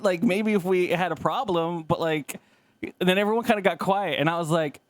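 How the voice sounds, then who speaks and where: A man's voice: high voice, fairly quick, no room sound. A man co-hosting a podcast, telling a rambling story with laughs and swearing, acting out other people's lines. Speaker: podcast co-host. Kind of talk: casual chat, storytelling.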